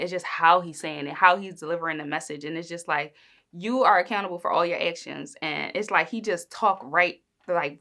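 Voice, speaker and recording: A young adult woman hosts a casual solo podcast, rambling and chatting with lots of fillers and "like"s. Her voice is low-pitched with a sharp tone.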